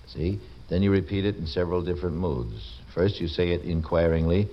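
A man's voice: low voice, a little fast. A man hosting a radio show, joking and teasing between sponsor plugs and letters he reads aloud. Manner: wry, teasing, quips after reading aloud. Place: radio studio. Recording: dull lo-fi old radio broadcast with faint hiss.

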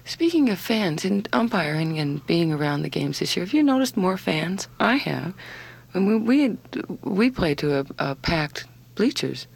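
Chatty, enthusiastic host, gravelly voice. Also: female voice, on the low side, big pitch swings, measured pace, few pauses, poor audio. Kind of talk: casual radio talk.

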